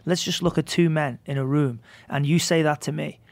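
A man's voice: on the high side, steady tone, moderate pace, creaky, dry recording. A man, talking earnestly as a guest in a casual chat. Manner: earnest, reasoning it through.

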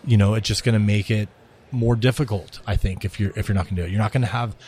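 A man with a low, mellow voice talks through his business in a relaxed interview. He rambles, restarts and checks in with a steady stream of "right?". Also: fast, husky. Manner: rambling, repeats himself, frequent "right?". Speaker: CEO of a restaurant tech company. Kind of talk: casual podcast interview.

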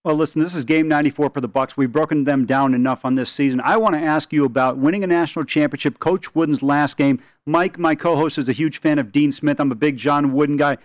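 A man's voice: fairly high pitch, quick pace, few pauses, no echo. A man hosting a sports radio show, asking a guest pointed questions.

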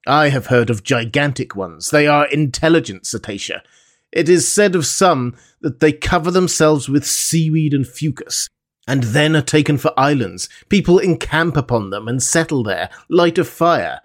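A man's voice: on the high side, animated, moderate pace, voice pushed up, natural voice. A man reading the part of a hot-tempered Canadian harpooner, eager and restless in an audiobook. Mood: storytelling.

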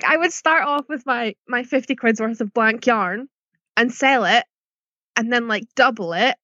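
A woman's voice: fairly high pitch, bright, forceful tone, no echo, muffled recording. A Scottish woman guesting on a podcast, telling a story in a chatty, giggly way. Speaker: guest, yarn dyer. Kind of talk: casual interview chat.

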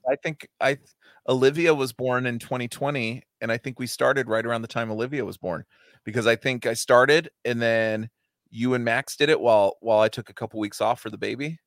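A man's voice: mid-range voice, fairly quick, a bit bright, no echo, studio quality. A man in his thirties with an American accent, co-hosting a podcast in casual chat, swearing a lot and laughing often. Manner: calls everyone dude. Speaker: podcast co-host.

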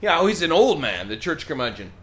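Slightly high-voiced joking man co-host. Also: big pitch swings. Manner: quick, joking, egging on his partner. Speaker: podcast co-host. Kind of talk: comedic banter.

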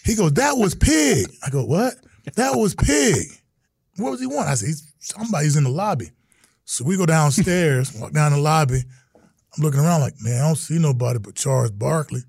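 A middle-aged man from Texas, a retired football player, telling stories as a guest in an animated, exclaiming way. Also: a little high, brisk, vocal fry, slightly rough, dry recording, studio quality. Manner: animated, exclaiming, acts out quotes. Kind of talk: storytelling in casual chat.

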